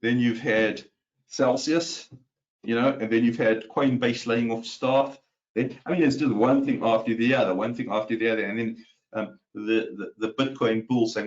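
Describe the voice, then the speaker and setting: Heard on dull audio, a man with a mid-range voice and moderate pace delivers live market commentary from home. The analyst host chats casually, restarting sentences, using lots of fillers, and quizzing his audience.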